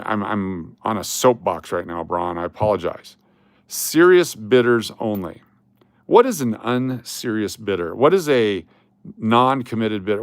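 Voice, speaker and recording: A man with a lowish voice hosts a casual live stream, chatting in a rambling way and breaking into sudden exasperated rants. He takes his time over every phrase, and his voice sounds dry and close. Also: dry recording.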